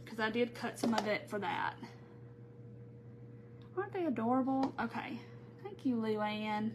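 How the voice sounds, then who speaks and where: A woman's voice: fairly high pitch, animated, unhurried, noisy background. A woman hosting a live crafting tutorial, chatting casually and greeting viewers by name as she works. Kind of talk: live-stream crafting chat.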